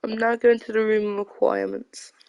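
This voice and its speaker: A woman's voice: mid-range voice, little pitch movement, moderate pace, creaky, a little mellow. A woman streaming a game live, chatting and giggling as she talks to herself. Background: faint game music.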